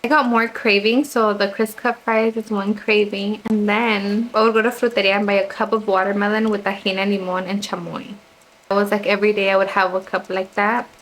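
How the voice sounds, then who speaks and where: A woman's voice: mid-range voice, fairly bright tone, a little hiss or hum, low-quality recording. A woman in her twenties telling a personal story while getting ready on camera, chatty and casual with lots of filler words. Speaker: vlogger.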